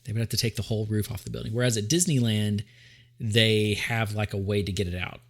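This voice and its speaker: A man's voice: lowish voice, fairly even intonation, brisk. Man, podcast host, from Tennessee, playful, casual chat, rambling restarts. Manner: playful, trails off and restarts, breaks into sung jingles.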